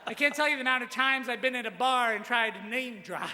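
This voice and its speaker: Bright high-voiced young man roasting. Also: quick pace. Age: young adult. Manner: crude, self-deprecating jokes with rising shouted punchlines. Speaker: roast speaker. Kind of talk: stand-up roast set. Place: large hall with audience. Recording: live hall recording with reverb.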